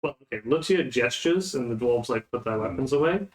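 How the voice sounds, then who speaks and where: Lively, echoey game master man. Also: mid-range voice, brisk. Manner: loose, rambling narration with fillers. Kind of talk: narrating a tabletop game. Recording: echoey room.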